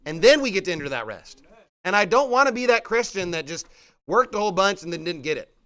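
A man preaching a sermon in a church, fervent, with short punchy rhetorical questions and shouts at points of emphasis. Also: high voice, sing-song, quick pace. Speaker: pastor. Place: church hall.

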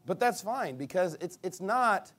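A man's voice: high-pitched, lively intonation, a little slow, a bit bright. A man preaching a casual, conversational sermon, telling stories and mimicking other people's reactions. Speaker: pastor.

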